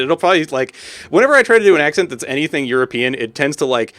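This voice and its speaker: A man's voice: mid-range voice, sing-song, rapid-fire, fairly bright tone, dry recording. A young man streaming a game, chatting casually in a goofy, tongue-tied way and laughing at his own jokes.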